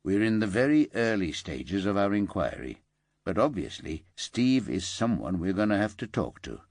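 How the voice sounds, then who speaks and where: A man voicing a calm, grave police detective sergeant who speaks softly and measuredly in an audiobook. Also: lowish voice, no echo. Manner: soft, measured.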